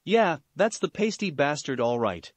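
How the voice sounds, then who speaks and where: A man's voice: a little high, very animated, a little slow, no room sound. A man reading a zealous male ninja who is devoted to a god and speaks with contempt. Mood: contemptuous.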